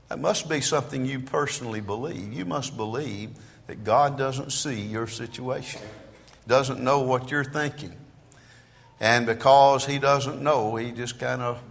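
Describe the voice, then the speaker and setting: Emphatic preacher in a reverberant hall. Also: male voice, medium pitch, measured pace, gravelly, pauses often. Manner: swings from quiet asides to loud emphatic declarations. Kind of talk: sermon. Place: church sanctuary.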